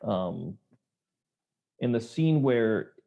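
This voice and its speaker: A man's voice: fairly low pitch, lively intonation, very slow, gravelly, warm tone. A man co-hosting a podcast in loose, rambling casual chat, swearing and acting out quotes. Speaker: podcast co-host.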